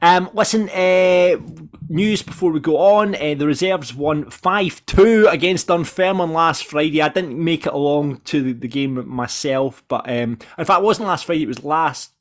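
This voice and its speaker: A Scottish man co-hosting a casual football podcast, talking in a lively, excitable way and laughing easily. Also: a little high, normal speed. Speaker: podcast co-host.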